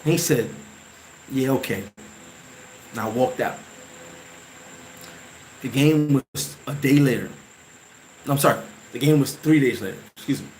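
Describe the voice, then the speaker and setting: A man hosting a vlog, telling an emotional story from his playing days in a casual, animated way, full of restarts and sound effects. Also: medium pitch, normal speed, long pauses, a little hiss or hum, low-quality recording. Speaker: vlog host.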